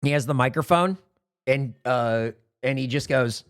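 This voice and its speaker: A young man casually chatting and narrating a wrestling game with friends, animated and swearing freely. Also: medium pitch, unhurried, heavy background noise. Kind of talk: casual chat, play-by-play of a game.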